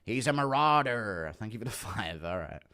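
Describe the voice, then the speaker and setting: A man's voice: fairly low pitch, expressive, normal speed, pushed and bright, clean tone. A man streaming live, chatting casually and laughing often as he reads out his chat on a streaming mic. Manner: laid-back, chuckling, reads chat aloud.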